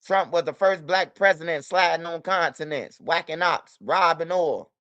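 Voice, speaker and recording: A man's voice: on the high side, moderate pace, bright, forceful tone, dry recording, muffled recording. A man hosting a livestream, talking loosely and profanely in repeated street slang, addressing his chat by name. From United States. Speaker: livestream host. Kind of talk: casual livestream talk.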